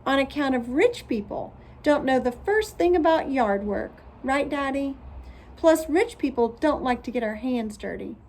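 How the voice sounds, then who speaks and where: A woman's voice: high-pitched, lively intonation, moderate pace, a little mellow, voice pushed up. A woman voicing a spoiled, prissy rich first-grade girl who talks in a whiny, showy way in a storybook reading. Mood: boastful.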